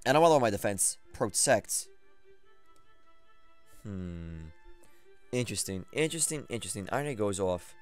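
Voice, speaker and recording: A young man giving live commentary on his own online game battle, excitable and trash-talking, repeating phrases as he plays. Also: lowish voice, moderate pace, long pauses, smooth, faint music behind. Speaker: gaming commentator.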